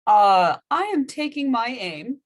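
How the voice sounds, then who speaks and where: Female player, even-tempered, deliberate. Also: fairly high pitch. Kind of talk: casual tabletop play.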